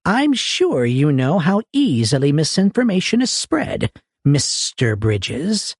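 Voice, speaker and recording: A man voicing an abrasive old woman who stays coldly polite, cordial in tone but never warm. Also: sits low, big pitch swings, slow pace, slightly rough, no echo, studio quality, heavily acted. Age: older. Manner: cordial tone with icy undertone.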